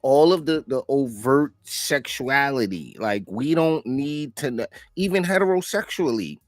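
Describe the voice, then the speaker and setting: A man's voice: mid-range voice, expressive, unhurried, no echo, clean studio sound. A man co-hosting a podcast, talking casually with emphatic, slangy exclamations. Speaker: podcast co-host. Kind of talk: casual commentary chat.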